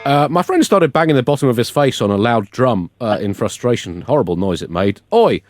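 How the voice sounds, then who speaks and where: A man co-hosting a satirical comedy podcast rattles off a pun routine in a tone of mock outrage. His delivery is deadpan, and his voice sits at an ordinary middle pitch. It is recorded close on a studio mic with a dry, roomless sound. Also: a little fast, no echo. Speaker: podcast co-host.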